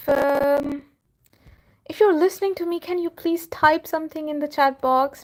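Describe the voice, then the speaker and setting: A woman's voice: fairly high pitch, vocal fry. A woman who runs a cattery and hosts her channel, chatting casually on a live stream, laughing often and trailing off with fillers. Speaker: cattery owner and channel host.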